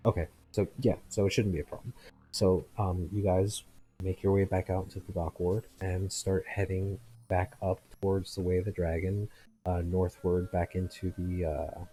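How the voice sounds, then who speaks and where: A man's voice: sits low, steady tone, moderate pace, dark tone, soft background music, poor audio. A man narrating a tabletop game as game master, hesitant and full of fillers.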